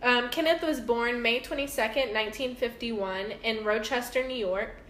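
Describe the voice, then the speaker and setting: A woman's voice: a little high, moderate pace, fairly bright tone, reverberant, a little hiss or hum. A woman co-hosting a casual true-crime podcast, laughing, swearing and a bit tipsy as she tells the story. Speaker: podcast co-host.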